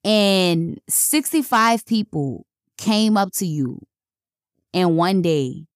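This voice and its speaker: A young woman hosting her own podcast in casual, blunt chat, swearing freely and jumping up in pitch when excited. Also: takes it slowly, no echo, clean studio sound. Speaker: podcast host.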